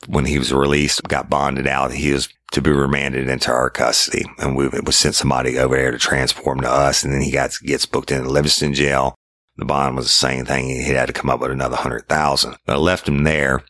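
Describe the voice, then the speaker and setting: Very deep-voiced blunt man. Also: completely flat delivery, brisk, dry recording, clean studio sound. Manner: blunt and profane, loud and heated when quoting himself. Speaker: police detective recounting a case. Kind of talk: casual storytelling to listeners.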